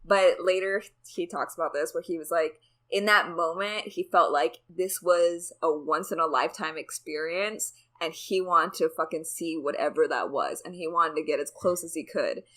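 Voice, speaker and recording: Low-voiced woman telling a story casually. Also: normal speed, few pauses, fairly bright tone. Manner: chatty, sweary, says "like" a lot. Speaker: podcast co-host.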